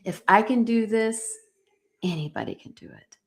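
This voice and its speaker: A woman's voice: a little high, normal speed. Earnest encouraging woman podcast host. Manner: earnest, encouraging, speaks to viewers directly. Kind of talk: live-streamed motivational talk.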